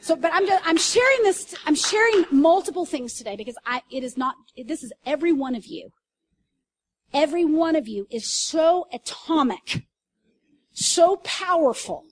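A woman pastor preaching to a congregation, telling stories in an animated way with loud bursts and asides. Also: high voice, moderate pace. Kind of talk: sermon. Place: church service.

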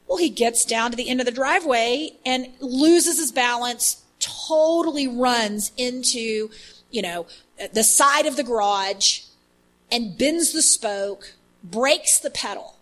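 Animated woman teaching on faith. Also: on the high side, slow, rough recording. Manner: animated storytelling with many fillers. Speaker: inner healing ministry leader. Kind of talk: faith-based teaching talk.

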